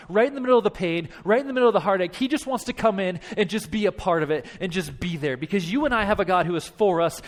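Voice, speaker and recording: High-voiced man preaching a sermon. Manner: impassioned, repetitive preaching with acted-out dialogue. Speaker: pastor.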